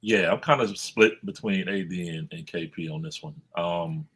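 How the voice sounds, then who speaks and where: A man speaking as a panelist on a sports talk show, measured and hesitant. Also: deep voice, fairly bright tone, breathy edge. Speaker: podcast panelist.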